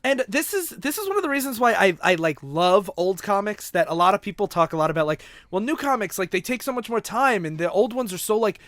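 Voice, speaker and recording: A man with a high, light voice chats casually on a podcast, recorded close and dry. He retells a story by slipping into quick quoted lines for each character, and laughs easily between them. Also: expressive, a bit bright, no echo. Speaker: podcast co-host. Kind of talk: casual chat, retelling a comic.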